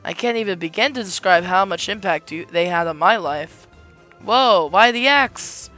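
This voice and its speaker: A man's voice: high-pitched, normal speed, faint music behind. A man doing an obsessed axe-wielding fan knight. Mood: gushing. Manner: gushing, overexcited, keeps trying to calm down.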